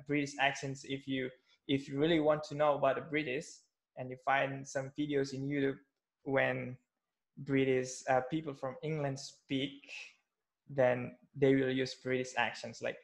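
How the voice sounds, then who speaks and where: Indonesian guy teaching english, slow and halting, lots of ums, creaky fry in his voice. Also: medium pitch. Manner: halting, many fillers and restarts. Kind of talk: casual spoken English lesson.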